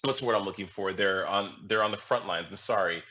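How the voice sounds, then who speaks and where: A male guest commentator on a political talk show, speaking in an impassioned, halting way with many restarts. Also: fairly low pitch, pushed and bright. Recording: muffled lo-fi audio.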